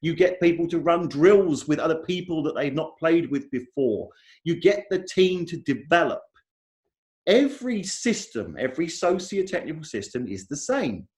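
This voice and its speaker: An English man giving a conference talk, his voice sitting a little high and swinging widely up and down in pitch. He stresses his points and comes back to them again and again. He talks over a video call. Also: animated, normal speed, darkish tone. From England. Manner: emphatic, repeats key points. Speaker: conference speaker.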